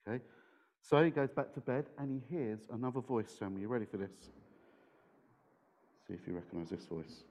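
A man's voice: medium pitch, brisk, long pauses, darkish tone, long reverb tail. Playful man leading a children's talk. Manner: playful, engages the audience with questions. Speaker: church leader giving a children's talk. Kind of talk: lively talk to children in a service. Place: church hall. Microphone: handheld microphone.

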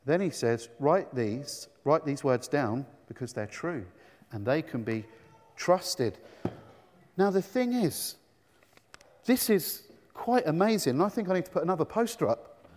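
A man with a high voice leads a children's talk in church, enthusiastic and questioning. His words ring out with a long reverb from a large hall. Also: animated, unhurried, darkish tone.

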